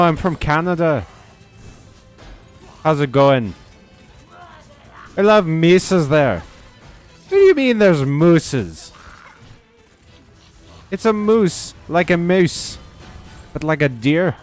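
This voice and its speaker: A man's voice: on the high side, sing-song, takes it slowly, pauses often, soft background music, pitched above the performer's own voice. A man voicing a goofy mock-Canadian character in a cheerful, exaggerated, bouncy way. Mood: cheery.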